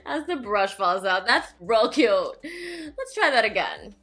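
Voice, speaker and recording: A woman's voice: medium pitch, sing-song, measured pace, a bit bright, faint music behind. A young woman talking casually through a makeup tutorial, rambling into self-mocking asides. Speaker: beauty vlogger.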